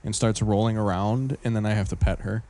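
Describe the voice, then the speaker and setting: A man co-hosting a podcast in casual chat, joking in a wry, deadpan way. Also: lowish voice, brisk. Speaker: podcast co-host.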